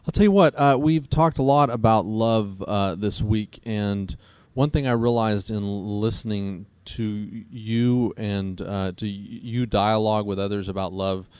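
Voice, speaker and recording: A man with a lowish voice hosts a casual debate, thinking aloud as he goes. His speech is halting and full of fillers and restarts. The sound is dry and close. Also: a little mellow, clear, resonant tone, no echo. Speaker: co-host.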